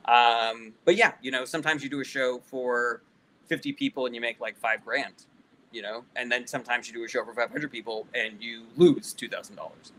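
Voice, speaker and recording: A man's voice: mid-range voice, a little fast, a bit bright, low-quality recording. A male comedian casually answering live chat questions, loose and profane, reading each question aloud before he answers.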